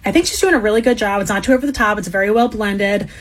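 A woman's voice: mid-range voice, very fast. A woman from Delaware County, Pennsylvania, talking chattily in a played clip.

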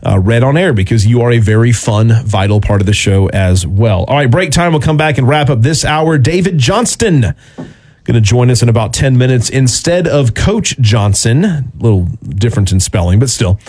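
A man's voice: mid-range voice, expressive, normal speed, darkish tone. A man with a Southern US accent hosting a radio talk show, chatting casually and reading listener emails aloud.

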